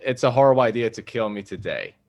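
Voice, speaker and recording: A man playing a social deduction game, calmly reasoning and arguing his own defense. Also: medium pitch, fast talker, highs cut off. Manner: calm, reasoning, defending himself. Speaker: player. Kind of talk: casual game table banter.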